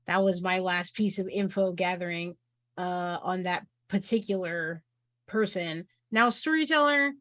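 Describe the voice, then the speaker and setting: A woman's voice: lowish voice, moderate pace, a bit bright, no room sound. A woman playing a tabletop role-playing game, chatting and asking the storyteller questions. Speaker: player. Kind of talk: casual tabletop play.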